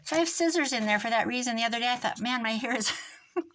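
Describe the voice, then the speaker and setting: A woman's voice: a little high, fast, a bit bright, slight background noise. An older woman hosting a crafting tutorial, chatty and rambling, mocking herself and laughing often. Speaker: crafting video host.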